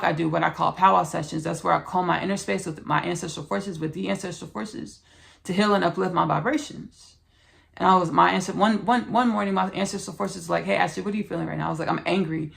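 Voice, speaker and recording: A woman's voice: lowish voice, vocal fry, a bit bright. A woman hosting a spiritual podcast, speaking in an earnest, repetitive, preachy way as she talks about channeling. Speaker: podcast host.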